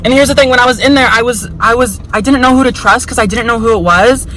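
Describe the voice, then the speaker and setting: A young vlogger tells a story in a casual vlog, chatty and frank, swearing heavily, packing her speech with "like", and putting on voices when she quotes people. Her voice is fairly high and fairly bright, and she talks quickly. The audio is poor, with slight background noise.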